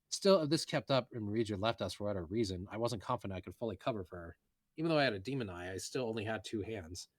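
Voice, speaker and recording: Man reading a novel aloud, low and dry. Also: no echo. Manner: casual, muttered asides and self-corrections.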